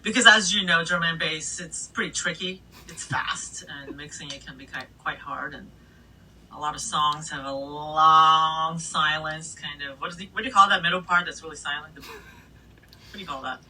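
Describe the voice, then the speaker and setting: A middle-aged woman DJ telling stories in a casual interview, animated, swearing freely and laughing between anecdotes. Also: low voice, moderate pace, breathy edge. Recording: voice a bit distant from the mic.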